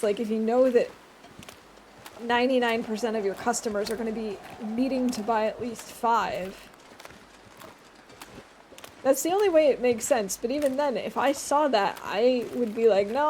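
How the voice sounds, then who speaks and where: A woman's voice: a little high, darkish tone, a little hiss or hum. A young woman streaming a survival game from home, chatting casually with viewers and laughing often. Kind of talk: casual gameplay commentary.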